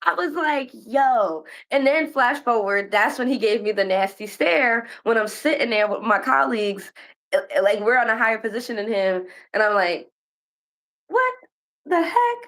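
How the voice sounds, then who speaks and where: An American woman on a casual podcast, her voice sitting fairly high. She tells stories with energy and jumps into acted-out voices for the people she quotes. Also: moderate pace. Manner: animated storytelling, acts out quoted voices. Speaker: podcast host. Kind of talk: casual chat.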